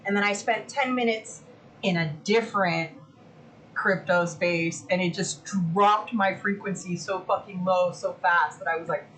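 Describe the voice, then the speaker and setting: A woman hosting a casual livestream from home, chatty and excitable, who swears freely. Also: lowish voice, unhurried, poor audio. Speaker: livestream host.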